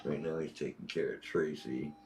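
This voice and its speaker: A man in his sixties from Ohio with a deep bass voice, chatting casually and rambling through stories on a livestream. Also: steady tone, moderate pace, darkish tone, soft background music. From Northeast Ohio. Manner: rambling, easygoing storyteller. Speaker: guest on a livestream reading viewer messages.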